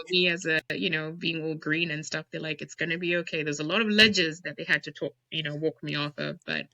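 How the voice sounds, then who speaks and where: A woman's voice: low-pitched, pushed and bright. A woman guest on a casual podcast interview, talking emphatically and with enthusiasm about blending whiskey. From United States.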